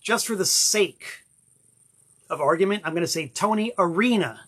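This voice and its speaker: This is a man hosting a relaxed unboxing vlog, his voice sitting a little higher than most men's. He talks in a chatty, enthusiastic way and drifts into rambling asides. He is from Florida and records at home in his cabin. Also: moderate pace, breathy edge. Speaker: vlog host.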